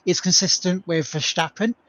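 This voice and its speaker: High-voiced man arguing his point. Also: moderate pace, fairly bright tone, no room sound, lo-fi sound. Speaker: podcast co-host. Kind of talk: casual chat.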